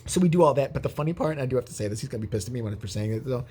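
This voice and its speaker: A man's voice: mid-range voice, expressive, very fast, a little mellow, breathy edge. A man vlogging, telling a rambling, profane, jokey story in casual chat.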